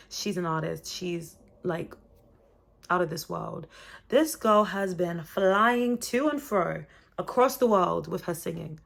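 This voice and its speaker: A young woman in her twenties talking to camera in a chatty, expressive vlog with motivational, faith-based encouragement. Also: fairly low pitch, vocal fry. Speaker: vlogger.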